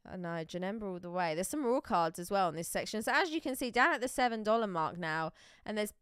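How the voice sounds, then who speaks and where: A woman's voice: medium pitch, animated, quick pace, a bit bright, clear, resonant tone, no echo, clean studio sound. A woman hosting a live auction stream, chatty and upbeat as she reads out the chat and the prices.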